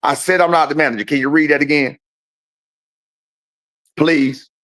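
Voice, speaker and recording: A man's voice: a little high, fairly even intonation, moderate pace, a bit bright, no room sound. A man on a call-in show, telling a heated story in casual talk, profane and boastful.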